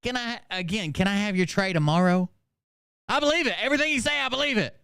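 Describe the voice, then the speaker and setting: A man's voice: high-pitched, lively intonation, quick pace, creaky, sharp tone, smooth, dry recording, clean studio sound, voice pushed up, exaggerated voice. A man mimicking a gullible female inmate. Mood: mock-gullible. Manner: mocking, singsong agreement. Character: gullible, food-grabbing female jail inmate.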